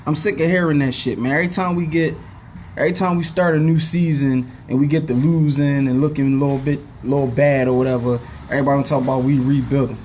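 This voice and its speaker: This young man's casual rant to camera comes fast, delivered in a steady, slightly mellow mid-range voice over faint hiss or hum. A fan venting about sports while he has a headache, he swears, gets heated, and often drops "know what I'm saying."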